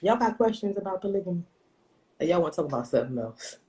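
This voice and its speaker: A woman in her thirties telling a personal story on a casual livestream, blunt and profane, with animated storytelling. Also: fairly low pitch, fast, low-quality recording. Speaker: livestream host.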